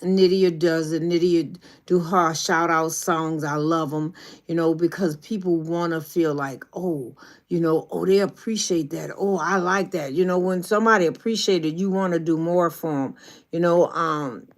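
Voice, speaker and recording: A woman's voice: lowish voice, fairly even intonation, moderate pace. Folksy woman. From New Orleans. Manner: folksy, preachy, encouraging. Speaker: YouTube coach. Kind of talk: casual livestream talk.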